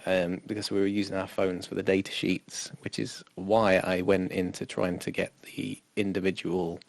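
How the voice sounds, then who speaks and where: A man co-hosting a podcast, chatting in a relaxed, rambling way with frequent fillers. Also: sits low, normal speed, creaky, dry recording. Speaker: podcast co-host. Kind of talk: casual chat.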